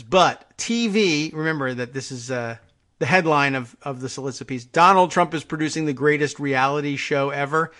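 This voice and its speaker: A man's voice: medium pitch, bright, forceful tone. A man hosting a call-in talk show, rambling wryly through the news with restarts and asides. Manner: rambling, wry, stumbles over names and restarts. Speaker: podcast host. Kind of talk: casual talk show monologue.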